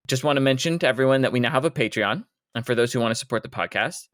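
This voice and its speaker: A man hosting a podcast who talks about a book in casual chat, relaxed and dropping dry joking asides. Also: mid-range voice, no echo. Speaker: podcast host.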